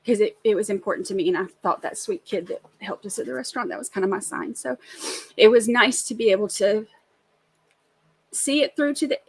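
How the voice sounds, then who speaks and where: A woman's voice: medium pitch, breathy edge, dry recording. A middle-aged woman, co-hosting a casual live recap show, chatty and emphatic. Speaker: co-host of a trial recap show. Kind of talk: casual live-stream chat.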